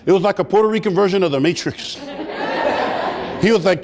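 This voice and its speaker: A man giving a comedic motivational talk at a community summit, animated and playful as he acts out scenes. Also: high-pitched, brisk. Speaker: keynote speaker. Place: large hall at a community summit. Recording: long hall reverb.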